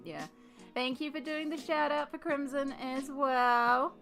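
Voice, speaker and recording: A woman's voice: high voice, unhurried, creaky, fairly bright tone, soft background music. A woman chatting casually on a live art stream as she paints, upbeat and talkative as she answers her chat.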